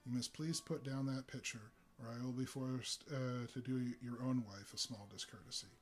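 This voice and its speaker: A man reading as a deep, soft-spoken giant thug. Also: fairly even intonation, moderate pace, close to an everyday voice. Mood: calm menace. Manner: politely menacing. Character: huge soft-spoken male bandit enforcer.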